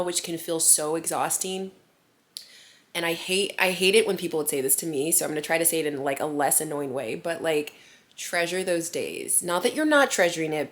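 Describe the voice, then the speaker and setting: A mom vlogger in her thirties chats casually to the camera, rambling and giggling with plenty of fillers. Her voice sits low.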